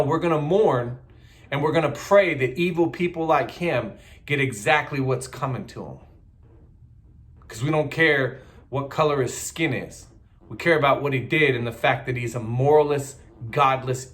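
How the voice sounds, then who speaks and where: A middle-aged man rants about politics in a casual, heated way. He is blunt and repeats himself for emphasis. His voice sits at an ordinary middle pitch. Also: fairly bright tone. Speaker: political commentator.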